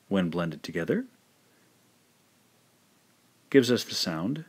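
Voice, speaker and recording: A man teaching a recorded language lesson, carefully modelling each syllable slowly and repeating it twice. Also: low-pitched, lively intonation, breathy edge.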